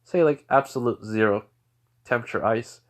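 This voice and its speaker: A man voicing a calm, cocky teenage boy hero who talks in a relaxed, smug way. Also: medium pitch, normal speed, lightly acted.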